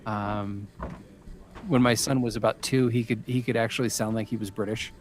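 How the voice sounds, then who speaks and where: A man, a voice actor and a father, chatting casually as a podcast guest, pausing often with fillers and restarts. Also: on the low side, fairly even intonation. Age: adult with young children. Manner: hesitant, many fillers and restarts.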